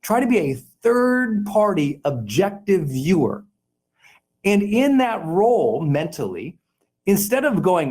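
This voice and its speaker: A middle-aged man giving a motivational coaching talk, animated and emphatic, acting out the people he quotes. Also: sits high, slow.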